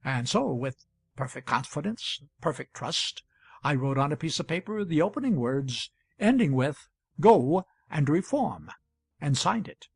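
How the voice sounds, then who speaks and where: A man reading an audiobook, voicing a townsman who defends himself before a public hall in an earnest, measured, pleading way. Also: a little high, very animated, vocal fry, husky, exaggerated voice.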